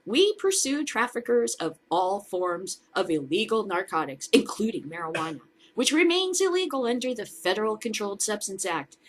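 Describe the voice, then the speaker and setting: A woman's voice: mid-range voice, big pitch swings, normal speed, few pauses, slight background noise. A woman hosting a casual news commentary show, reading out stories and mocking them with sarcastic, swearing asides. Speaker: host of a cannabis news show.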